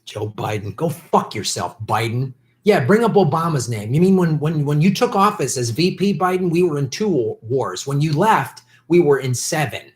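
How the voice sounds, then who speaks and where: A man's voice: fairly high pitch, animated, normal speed, few pauses. A man hosting a political livestream, ranting angrily and profanely at politicians in an unscripted commentary. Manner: profane, shouting, bitter ranting.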